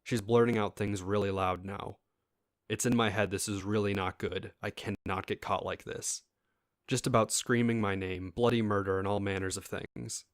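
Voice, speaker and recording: A man with a fairly low voice reads a first-person story aloud in an easy, casual way. He breaks off now and then to talk straight to his listeners. The sound is dry and close, with no room echo. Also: steady tone, moderate pace. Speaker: story reader.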